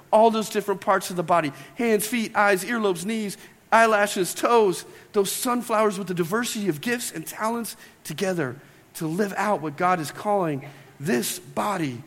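A man's voice: sits high, a bit bright, long reverb tail. A man preaching a sermon as pastor in a church, conversational, with playful asides to the congregation. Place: church sanctuary.

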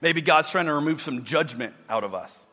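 A man's voice: fairly high pitch, expressive, moderate pace, pushed and bright. A man preaching a sermon as a pastor, talking conversationally with frequent restarts. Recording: long reverb with faint music.

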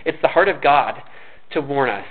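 A man's voice: mid-range voice, lively intonation, normal speed. Tinny-sounding man preaching a sermon. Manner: conversational, earnest, repeats and restarts words. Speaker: pastor.

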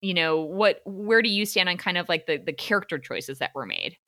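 A woman hosting a casual film discussion, chatty and animated with lots of fillers. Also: fairly low pitch, fairly quick, no echo, clean studio sound. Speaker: podcast host.

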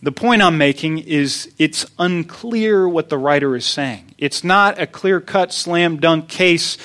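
A man's voice: on the high side, slow, fairly bright tone. A man preaching a sermon, teaching earnestly and repeating key points for emphasis. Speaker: pastor.

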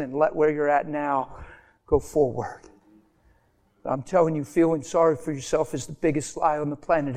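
A man preaching a sermon with passion, talking straight to his congregation and asking them questions. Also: fairly high pitch. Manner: passionate, swings from shouting to near whisper; talks to congregation directly, asks questions. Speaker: pastor.

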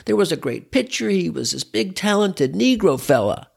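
A man's voice: sits high, sing-song, moderate pace, vocal fry, breathy edge, full character voice. A man voicing his sixty-year-old father telling a hearty war story. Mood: reminiscing. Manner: hearty, reminiscing.

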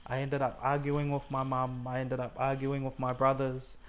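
A New Zealand man appears as a guest giving his faith testimony, telling an earnest personal story in conversation. His mid-range voice stays completely flat at a moderate pace. He fills his speech with many fillers and acts out the words he and others said.

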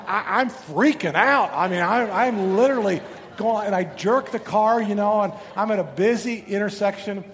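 Middle-aged pastor guy preaching, fairly high voice, lively stories, repeats himself, echoey church hall. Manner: animated storytelling, rhetorical questions, repeats words. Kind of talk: sermon. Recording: reverberant hall with faint noise.

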